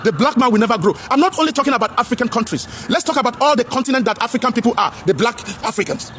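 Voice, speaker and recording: A man with a Nigerian accent giving a loud, preachy vlog commentary. He addresses viewers as his brothers, repeats himself and mixes English with Pidgin. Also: extremely high pitch, animated, very fast, a little hiss or hum.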